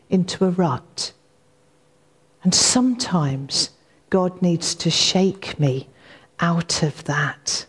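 A woman's voice: on the low side, slightly rough. A woman preaching a sermon in an earnest, reflective way, repeating key lines for emphasis.

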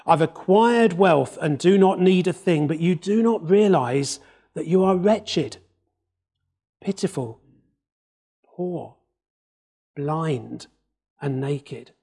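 A man preaching a sermon in a conversational way, with wry asides, dropping to a hush for emphasis. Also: fairly high pitch, takes it slowly, creaky, long pauses, slightly rough. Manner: expressive, varies tone and drops to a hush for emphasis.

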